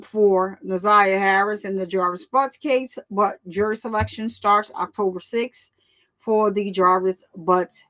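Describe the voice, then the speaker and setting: A woman hosting her own channel, speaking casually to her viewers in an animated way, repeating phrases and laughing often. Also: mid-range voice. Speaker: commentary channel host.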